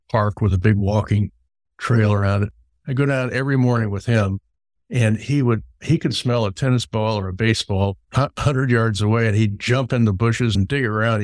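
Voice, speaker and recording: Storytelling middle-aged man, low dry voice. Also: dry recording. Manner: rambling, repeats words when starting sentences. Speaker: podcast host. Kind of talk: conversational storytelling.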